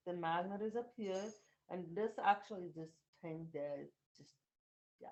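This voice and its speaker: A woman's voice: lowish voice, unhurried, dull audio. A young woman giving a personal video diary update at home, talking reflectively and earnestly with many ums. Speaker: vlogger.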